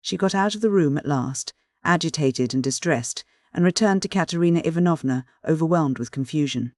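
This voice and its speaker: A man narrating a classic novel as an audiobook reader, with steady, even delivery. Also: a little high, a little fast, no echo, clean studio sound. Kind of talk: scripted narration.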